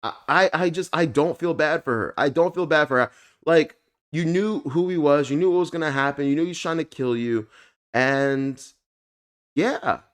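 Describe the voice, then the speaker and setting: Chatty male reviewer, mid-pitched, animated, hedges with fillers. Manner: animated, frequent fillers, swears when frustrated. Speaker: anime reviewer. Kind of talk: casual review commentary.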